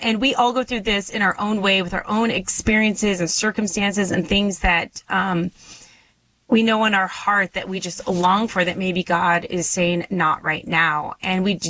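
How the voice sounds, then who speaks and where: A woman's voice: mid-range voice, bright, forceful tone, slight background noise, rough recording. A woman hosting a faith podcast, asking earnest, probing questions and repeating them. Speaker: podcast host. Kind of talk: interview hosting.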